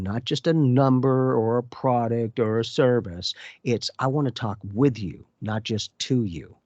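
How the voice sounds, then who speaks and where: A man who is a spiritual educator, a guest chatting in a lively, quick way and laughing easily. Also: medium pitch, no echo, muffled recording. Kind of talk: casual interview chat.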